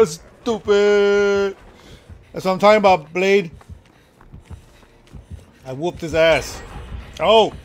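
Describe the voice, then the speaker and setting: A man streaming a horror game, reacting excitably with lots of laughter and panicked yelps. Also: high-pitched. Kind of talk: reacting to gameplay.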